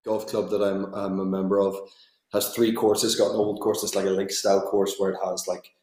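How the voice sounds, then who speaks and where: A man in his thirties, a guest actor, chatting casually in an interview and often pausing with ums and restarts. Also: sits low, level tone, a little mellow, echoey room. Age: 30s. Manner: hesitant, many ums and restarts.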